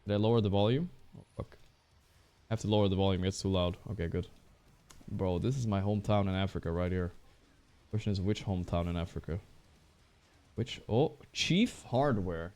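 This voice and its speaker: A male streamer chatting casually while he plays, excitable and trash-talking, swearing often. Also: sits low, fairly quick, pauses often. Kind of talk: casual live-stream chat while playing.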